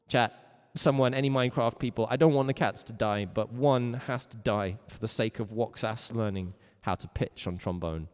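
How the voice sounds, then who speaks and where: A man's voice: mid-range voice, animated, moderate pace, clean tone, in a large hall. A man teaching a music lesson during a livestreamed game, theatrical, jokey and mock-stern.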